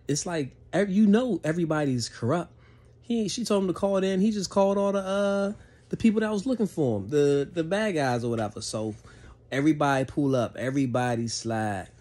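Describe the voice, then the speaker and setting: A man's voice: mid-range voice, warm tone. A man giving a casual spoken movie review, laid-back and profane, rambling with frequent restarts.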